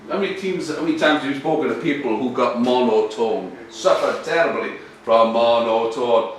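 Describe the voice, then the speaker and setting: A rugby coach, a man, giving a lively workshop talk to other coaches. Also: medium pitch, normal speed. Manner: lively, animated, addresses audience directly. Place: workshop room. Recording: echoey room from far off, faint noise.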